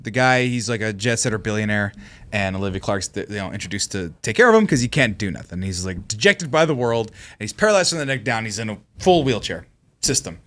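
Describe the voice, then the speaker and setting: Animated, swearing male podcast host. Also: fairly low pitch, fast. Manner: animated storyteller, swears freely. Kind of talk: casual chat.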